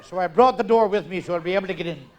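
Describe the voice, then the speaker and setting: Brash, high-voiced comic. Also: male voice, a little hiss or hum. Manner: rapid-fire punchlines, loud and brash, acts out characters. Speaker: stand-up comedian. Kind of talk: live stand-up joke telling. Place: theatre stage, audience laughter.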